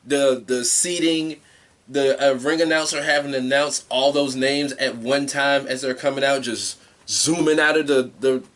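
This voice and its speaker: A man co-hosting a podcast in blunt, excitable casual chat, swearing freely. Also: medium pitch, normal speed. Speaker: podcast co-host.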